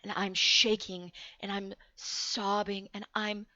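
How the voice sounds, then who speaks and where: A young woman telling a frightening personal story in casual talk, halting and shaky, swearing freely. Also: mid-range voice, flat delivery, sharp tone, dry recording. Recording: muffled dry recording.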